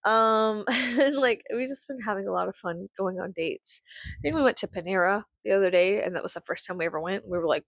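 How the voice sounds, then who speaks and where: In a casual vlog, a woman in her thirties vents to the camera, ranting animatedly with plenty of sarcasm and profanity. Her mid-range voice moves fairly quickly and has some vocal fry, and the recording is clean studio sound with no room echo.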